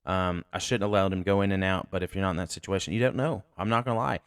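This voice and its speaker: A deep-voiced man, a deputy hosting his own show, recounts a call in casual, candid speech laced with profanity. The sound is dry and close, with no room around it. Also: steady tone, fast, clear, resonant tone, no room sound. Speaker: sheriff's deputy and podcast host. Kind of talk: casual storytelling.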